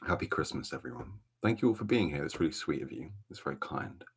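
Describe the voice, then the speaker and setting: A man with a Welsh accent hosting a relaxed ASMR livestream from a dark room at home, chatting softly and greeting viewers by name. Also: extremely low pitch, fast talker, gravelly, slightly rough. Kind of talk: soft-spoken ASMR chat.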